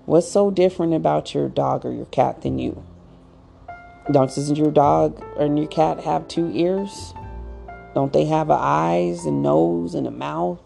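Woman, casual rambling monologue, low voice, very gravelly, chatty asides. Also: measured pace, mellow, soft background music. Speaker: pet owner giving advice.

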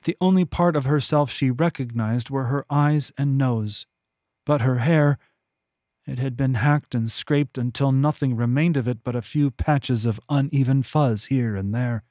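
Measured male audiobook narrator, dry sound. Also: medium pitch, a little mellow, no room sound. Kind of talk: scripted narration.

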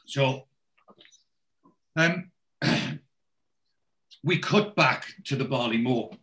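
A man's voice: mid-range voice, drawn-out words, sharp tone, slight background noise, poor audio. A man hosting a podcast, casually retelling a TV episode in a rambling way. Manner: rambling, with many fillers and restarts. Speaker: podcast host.

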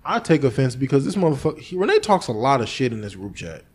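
A man hosting a podcast in casual chat, telling a story with lively energy, acting out what he and others said, and swearing freely. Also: medium pitch, fast talker, crowd noise. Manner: animated storytelling, acting out his own past lines, swearing freely. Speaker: podcast host.

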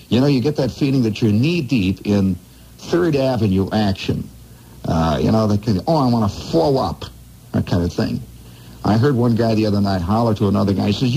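A man hosting a radio show, telling wry, rambling comic stories in a conversational way, dropping to a low mutter and jumping up high for emphasis. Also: warm tone, a little hiss or hum, rough recording. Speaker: radio host.

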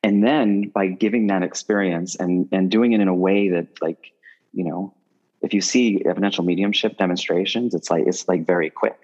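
Low-voiced man speaking on a muffled line. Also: moderate pace. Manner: rambling, restarts phrases often, animated when telling stories. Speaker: guest medium. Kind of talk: casual conversational interview.

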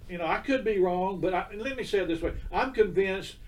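An earnest older man speaks as an interview guest, his voice a little high for a man. He sounds set back from the microphone. He restarts his sentences and checks in with the listener as he tells an emotional story. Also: brisk, far from the mic. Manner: earnest, emotional, repeats himself, asks listener "okay?".

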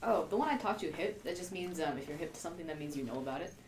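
A woman's voice: low-pitched, lively intonation, rapid-fire, darkish tone. A young American woman from Maryland, co-hosting a podcast in casual chat, giggly and full of "like" and "um". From Prince George's County, Maryland, USA. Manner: giggly, lots of "like" and "um". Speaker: podcast co-host. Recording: echoey room with faint background noise.

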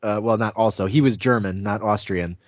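A man's voice: on the low side, a little fast. A man co-hosting a podcast in casual chat, rambling with lots of fillers and swearing. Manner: rambling, hesitant, swears freely. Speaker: podcast co-host. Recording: muffled, dry audio.

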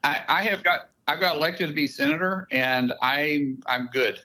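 A man's voice: on the high side, normal speed, sharp tone, poor audio. Emphatic man with an Oklahoma accent. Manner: emphatic, piles up explanations. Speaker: senator, guest. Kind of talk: casual radio interview.

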